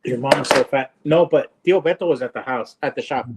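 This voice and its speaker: A man co-hosting a casual podcast, telling anecdotes in a dry, unhurried way. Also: medium pitch, very noisy. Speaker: podcast co-host. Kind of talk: casual chat.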